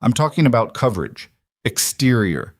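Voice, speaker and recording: A man voicing a calm, guarded middle-aged protector in an audiobook, speaking flatly and without inflection. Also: mid-range voice, dry recording, studio quality. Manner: flat, measured, unemotional. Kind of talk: audiobook character voice.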